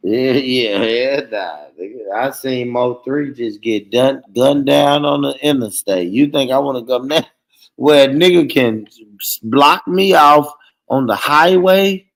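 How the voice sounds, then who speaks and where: A man hosting a live stream, talking in loose, animated, profane chat and laughing often. His voice sits in a middle register with a gravelly rasp. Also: medium pitch, unhurried, rough recording.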